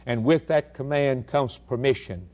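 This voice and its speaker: A male radio preacher delivering an emphatic sermon, firing rhetorical questions and swinging between loud declarations and hushed lines. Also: medium pitch, a little slow.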